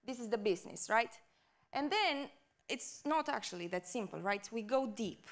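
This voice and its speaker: A woman's voice: a little high, lively intonation, normal speed. A woman giving a conference talk. She speaks with enthusiasm, often checks in with "right?", and her microphone cuts out at times. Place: conference stage.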